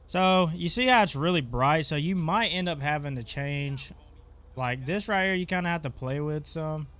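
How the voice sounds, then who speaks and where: Stuffy, offhand man with a smooth voice. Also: a little high, moderate pace, a bit bright. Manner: offhand, talks while clicking through settings. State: stuffy, congested. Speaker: gaming channel host. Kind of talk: casual screen-recorded tutorial.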